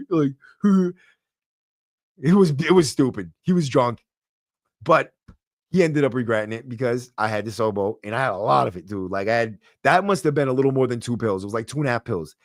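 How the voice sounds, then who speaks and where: A young man with a Boston accent telling a story on a podcast in a streetwise, profane, animated way. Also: mid-range voice, dry recording, clean studio sound. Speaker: guest storyteller. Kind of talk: casual storytelling. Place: podcast studio. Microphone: podcast microphone.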